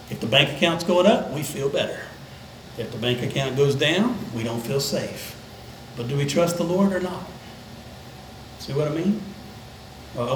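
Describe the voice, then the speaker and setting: An older man, a pastor, preaching a conversational sermon that dips into soft, low tones for emphasis. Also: reverberant, slight background noise, low-quality recording. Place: church sanctuary.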